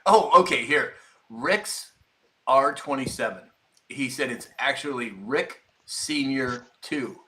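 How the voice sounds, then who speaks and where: A man's voice: medium pitch, takes it slowly, sharp tone, a little hiss or hum. A man hosting a casual morning live stream, greeting viewers by name and teasing them. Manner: chatty, teasing, reads out viewer names. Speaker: live show host.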